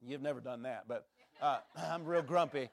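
A man's voice: medium pitch, moderate pace, vocal fry. A man, a traveling minister, telling a personal testimony in a sermon with earnest, emphatic storytelling.

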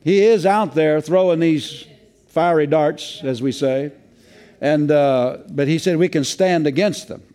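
A man's voice: on the high side, unhurried, warm tone. A male pastor preaching a sermon in a folksy way, with many fillers and restarts.

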